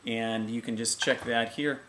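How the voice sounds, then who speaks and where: A man's voice: mid-range voice, steady tone, measured pace, sharp tone. A middle-aged man teaching a casual video voice lesson, explaining vocal technique and breaking into short sung vowel demonstrations. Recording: echoey room with faint ambient noise.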